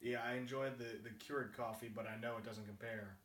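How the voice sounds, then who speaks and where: A man co-hosting a casual podcast, joking and chiming in with quick quips. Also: medium pitch, steady tone, fairly bright tone, recorded from a distance. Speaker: podcast co-host. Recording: echoey room, away from the mic.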